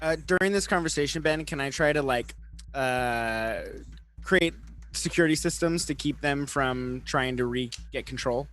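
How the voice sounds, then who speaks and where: A man's voice: mid-range voice, normal speed, fairly bright tone. A man playing at a live tabletop game, joking with the table. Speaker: player.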